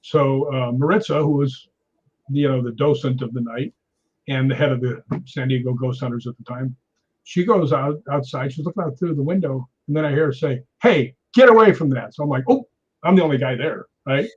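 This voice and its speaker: A middle-aged man telling a story in an interview, animated and acting out quoted lines. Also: medium pitch, brisk, husky. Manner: animated anecdote teller, acts out quotes. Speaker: stunt performer guest. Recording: dull lo-fi audio.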